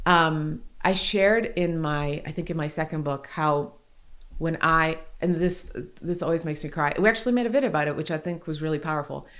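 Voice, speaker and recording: A woman in her forties hosting a podcast, talking candidly and earnestly, with quick laughs between heartfelt points. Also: low-pitched, a bit bright. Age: 40s. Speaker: podcast host.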